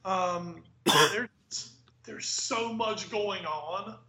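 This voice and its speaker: A man's voice: high-pitched, extremely slow. A man co-hosting a sports podcast, giving hedged, thoughtful opinions in casual chat. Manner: thoughtful, hedging opinions with fillers. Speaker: podcast co-host. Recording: dull lo-fi mic with faint hiss.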